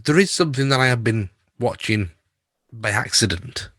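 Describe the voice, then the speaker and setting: A podcast co-host tells stories in a casual chat, laughing often. His mid-range voice is bright and forceful, with lively intonation and a moderate pace. The recording is dry and studio quality.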